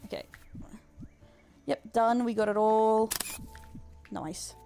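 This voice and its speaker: A woman's voice: mid-range voice, slow pace, pauses often, warm tone, soft background music. An Australian woman giving casual, joking live-stream commentary while she plays a game, laughing often.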